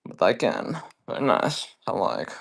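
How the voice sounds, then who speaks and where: A man's voice: lowish voice, wildly swooping pitch, measured pace, creaky, a bit bright, breathy edge, no echo, heavily acted. A man doing Borat, a boastful comic foreign reporter. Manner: broken grammar, boastful.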